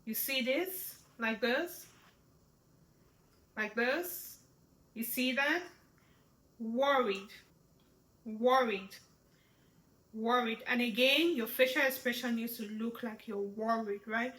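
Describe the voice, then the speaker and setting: A woman teaching sign language, walking through each sign slowly and repeating words, checking in with "right?". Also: a little high, fairly bright tone. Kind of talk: slow step-by-step lesson. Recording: echoey room.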